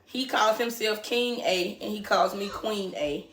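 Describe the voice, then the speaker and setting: A woman's voice: mid-range voice, measured pace, fairly bright tone, echoey room, a little hiss or hum. A woman in her thirties hosting a casual livestream from her living room, chatty and teasing, laughing often. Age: 30s. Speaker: livestream host.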